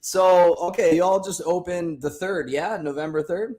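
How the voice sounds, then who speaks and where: A man's voice: sits high, fairly even intonation, unhurried, dark tone, a little hiss or hum. A man hosting a podcast, asking questions in an upbeat, casual way with fillers. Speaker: podcast host. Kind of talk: casual interview chat.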